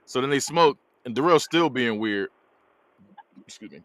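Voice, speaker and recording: Animated man recapping a movie. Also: mid-range voice, no echo. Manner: animated storytelling, laughs often, drops quick character voices. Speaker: podcast host reviewing a movie. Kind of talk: casual plot recap.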